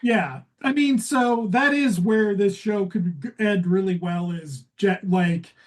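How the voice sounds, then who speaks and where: A woman co-hosting a comedy podcast in casual chat, sardonic and quick to swear, with sudden leaps in pitch. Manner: sardonic, swears freely, lively jumps in pitch. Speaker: podcast co-host.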